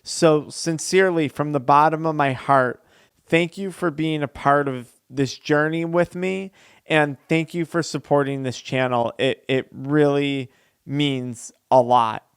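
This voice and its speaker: A man's voice: fairly high pitch, steady tone, measured pace, clear, resonant tone, no echo, studio quality. A man, an addiction recovery coach, telling a story in an earnest, conversational vlog.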